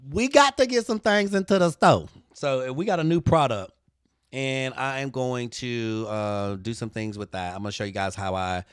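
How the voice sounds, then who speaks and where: In clean studio sound with no room echo, a man hosts a live design tutorial stream. He banters playfully and sassily with viewers, calling them honey and girl. He sounds lively, and his voice swoops high when he jokes.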